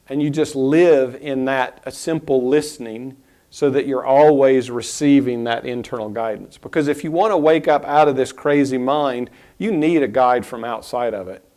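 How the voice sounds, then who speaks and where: A man teaching a spiritual lesson in a reflective, unhurried way, pausing and restarting his thoughts. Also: a little high, darkish tone.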